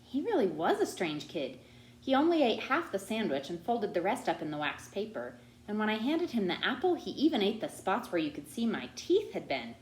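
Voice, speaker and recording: A woman reading a children's novel aloud, narrating in an expressive, animated way. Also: mid-range voice, normal speed, a little hiss or hum. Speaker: audiobook reader. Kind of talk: storytelling narration. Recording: roomy echo.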